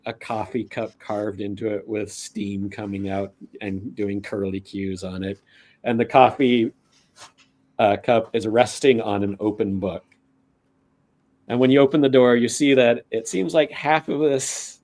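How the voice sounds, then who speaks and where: A man narrating a tabletop game as game master, unhurried and rambling with many fillers. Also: medium pitch, a little mellow.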